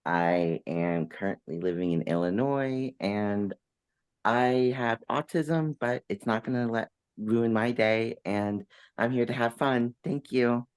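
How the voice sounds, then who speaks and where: Slow, smooth-voiced young contestant. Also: medium pitch, dry recording. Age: 20s. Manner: slow, deliberate self-introduction. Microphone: video call.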